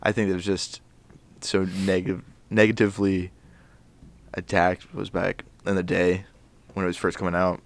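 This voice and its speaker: A laid-back man co-hosting a podcast, rambling through casual chat. His voice sits low and gravelly, recorded dry and close. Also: little pitch movement, normal speed, long pauses, no echo. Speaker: podcast co-host.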